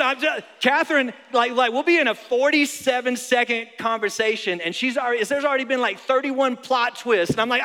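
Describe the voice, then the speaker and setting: A young adult man preaching a sermon to a congregation. He is animated and joking, and he repeats phrases for emphasis. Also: very high voice, a little fast, few pauses. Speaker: pastor. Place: large church auditorium. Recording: long hall reverb.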